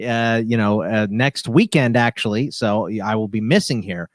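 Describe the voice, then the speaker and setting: A man's voice: fairly low pitch, normal speed, dry recording, studio quality. A man from Texas, co-hosting a casual sports podcast in a laid-back way and laughing easily. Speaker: podcast co-host.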